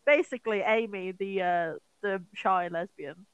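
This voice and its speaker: Her voice is medium-pitched, clear, and resonant, and she speaks unhurriedly as a podcast co-host recapping a horror film. She chats casually and animatedly, swearing often and acting out the characters' lines. The audio is dull.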